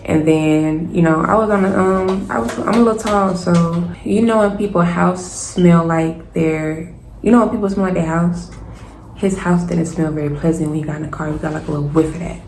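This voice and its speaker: Lively young woman telling a storytime. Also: lowish voice, normal speed. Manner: animated, casual, addresses viewers as y'all. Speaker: vlogger. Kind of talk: storytime vlog. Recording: roomy echo, faint noise.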